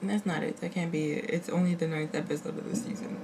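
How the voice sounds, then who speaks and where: Low-voiced woman reacting to a TV episode. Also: fairly even intonation, quick pace, very noisy. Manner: blunt, swears freely. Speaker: reaction video host. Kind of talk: casual reaction commentary. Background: TV episode audio and music playing.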